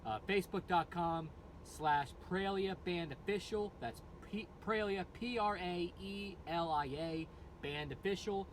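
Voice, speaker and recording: A metal band singer with a high-pitched voice explains his screaming technique at a measured pace. The casual tutorial is loose and rambling, full of fillers and restarts, with slight background noise.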